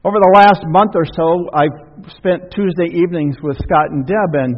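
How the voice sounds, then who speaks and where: A man's voice: a little high, normal speed. A man preaching a sermon as pastor, folksy and conversational, with asides and questions to the congregation. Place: church sanctuary. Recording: dull sound with long church reverb.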